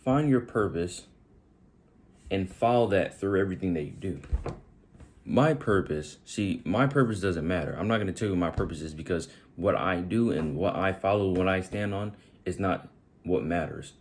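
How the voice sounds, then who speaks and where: A man's voice: low voice, normal speed. A man giving a casual motivational talk to his viewers, speaking directly to them and asking repeated questions. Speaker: motivational video host.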